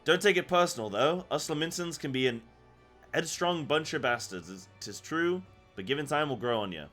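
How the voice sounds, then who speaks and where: A man doing a gruff old tavern keeper. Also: fairly high pitch, lively intonation, moderate pace, a bit bright, faint music behind. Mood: hearty. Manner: reads quest text aloud in a put-on rough seafaring dialect.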